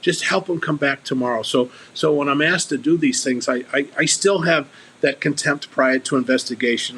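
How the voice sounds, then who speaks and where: A man's voice: mid-range voice, moderate pace, fairly bright tone, a little hiss or hum, poor audio. A man speaking as a guest on a recovery podcast, earnest and candid, often restarting and repeating his words.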